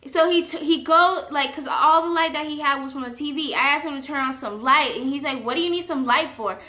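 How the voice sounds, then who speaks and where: A young woman telling a story to her viewers in a casual vlog, animated and indignant, acting out both sides of a conversation. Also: high-pitched, fairly quick, roomy sound. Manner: animated, indignant retelling with quoted dialogue.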